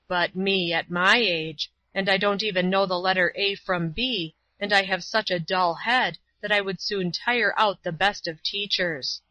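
A woman's voice: on the low side, pushed and bright, dry recording. Woman reading as a humble old workman. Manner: plain, pleading, self-deprecating. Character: rough older male workman, humble and earnest. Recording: dull lo-fi recording.

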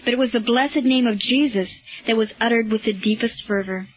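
A woman narrating a historical story in a measured, solemn reading. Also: a little high, dry recording. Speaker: audiobook narrator. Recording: dull lo-fi recording.

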